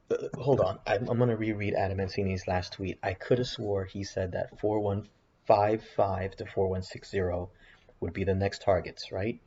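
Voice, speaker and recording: A man with a low, husky voice that has a gravelly edge. He rambles through trading charts in casual, tired commentary, yawning and calling himself stupid. The recording sounds dull and lo-fi. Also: a little mellow. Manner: rambling, self-deprecating, thinking aloud. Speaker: options trading vlogger. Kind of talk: casual screen-share commentary.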